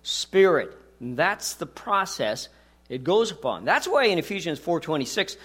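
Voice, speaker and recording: A man's voice: a little high, sing-song, moderate pace, a bit bright, slightly rough. A man preaching a sermon as pastor, talking conversationally with rhetorical questions and jokes.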